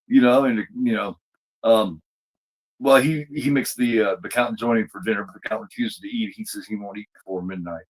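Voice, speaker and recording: A podcast host with a fairly low-pitched voice talks a little fast as he recaps a TV episode, rambling casually with plenty of fillers and restarts. He's on a streamed podcast mic, and the recording is rough.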